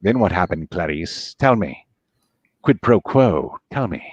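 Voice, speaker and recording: A man doing a cold, low-voiced interrogator. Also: very animated, husky, no echo, heavily acted. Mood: menacing. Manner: slow, low, insistent questioning. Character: menacing cultured male killer interrogating. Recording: dull dry sound.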